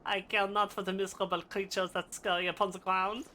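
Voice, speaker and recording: A woman's voice: mid-range voice, flat delivery, a little fast, bright, forceful tone, slight background noise, close to an everyday voice. A woman reading aloud as a haughty, scornful male dragon hunter in a video game, in lofty old-fashioned phrasing.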